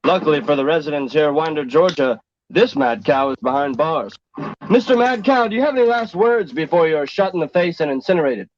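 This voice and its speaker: A man's voice: on the high side, lively intonation, brisk, natural voice. A man playing a bumbling male local news reporter in a comedy sketch, mock-serious newscaster delivery, on a dull lo-fi recording. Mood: deadpan. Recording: dull lo-fi clip with faint noise.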